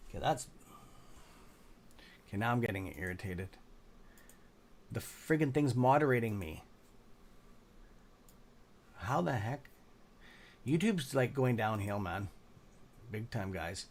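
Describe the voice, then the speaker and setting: A man's voice: on the low side, lively intonation, slow, pauses often. Muttering, cursing man hosting a livestream. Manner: mutters and swears at the computer, then cheers on viewers. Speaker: livestream host. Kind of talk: casual livestream chat.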